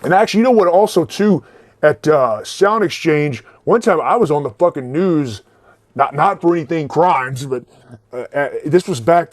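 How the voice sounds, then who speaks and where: A man's voice: a little high, a little mellow, no room sound. A man in his forties telling rambling, profane stories about record stores in a casual way. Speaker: vlogger and record collector. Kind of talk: casual storytelling.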